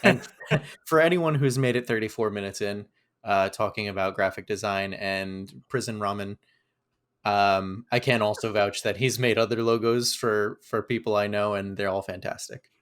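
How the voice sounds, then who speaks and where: A man with a somewhat low voice co-hosts a casual podcast. He talks in a relaxed, unhurried way and often stops to restart his sentences. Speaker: podcast co-host.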